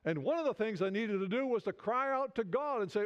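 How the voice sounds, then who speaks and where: A man delivers a sermon in a conversational, searching way, restarting phrases as he builds toward fervent appeals. His voice sits high for a man. The recording is muffled and lo-fi. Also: animated, a little fast, hardly any pauses. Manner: conversational preaching, many restarts, rising fervor. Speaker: preacher. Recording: dull lo-fi sound.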